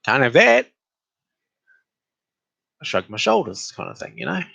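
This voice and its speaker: Animated man with a lively, swinging pitch. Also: unhurried, creaky, breathy edge, no echo, highs cut off. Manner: animated, exasperated retelling with rising pitch. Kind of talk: casual storytelling monologue.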